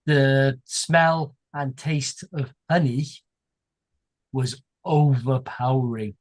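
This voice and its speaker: British male panelist, easygoing, tells stories slowly, mid-range voice. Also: mid-range voice, steady tone. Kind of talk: casual group chat.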